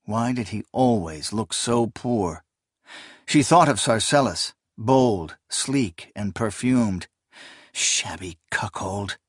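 Slow, husky male audiobook narrator. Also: on the low side, no echo, clean studio sound. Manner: measured, even storytelling.

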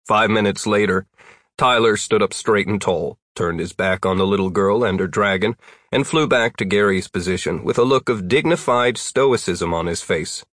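A man narrating a storybook audiobook in an even, wry storytelling manner on a close mic. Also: on the low side, moderate pace, no echo.

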